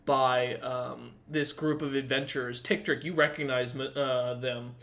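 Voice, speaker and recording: A man narrating as dungeon master of a tabletop game, halting and full of fillers, easily amused. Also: mid-range voice, fairly even intonation, gravelly, fairly bright tone.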